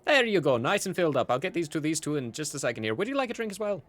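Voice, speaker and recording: A man's voice: on the high side, big pitch swings, racing, a bit bright, voice pushed up. A man voicing a cheerful, chatty male tavern keeper in a tabletop game, eager and bubbly. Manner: bubbly and eager, says "aye" and "brilliant".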